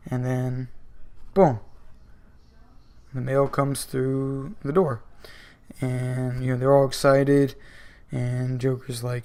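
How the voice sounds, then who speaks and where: A man's voice: medium pitch, little pitch movement, takes it slowly, pauses often, warm tone, clean tone. A man reviewing comic books in a casual, rambling style full of fillers. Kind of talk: casual video commentary.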